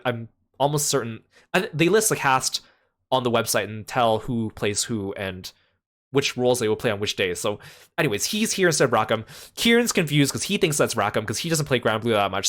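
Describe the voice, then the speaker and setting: A man's voice: mid-range voice, fairly bright tone. A man casually recapping a trip in a chatty voice, full of fillers like "like" and "uh".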